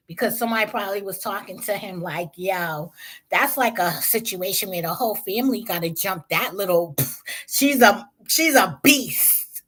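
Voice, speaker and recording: A woman hosting a vlog, giving blunt, slangy, profane commentary on celebrity drama. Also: mid-range voice. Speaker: vlog host.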